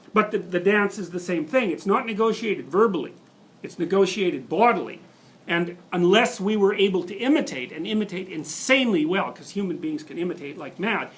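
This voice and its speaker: Animated high-voiced man lecturing. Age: 50s. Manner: animated, laughs often, digressive with restarts. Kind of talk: university lecture. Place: lecture hall with students.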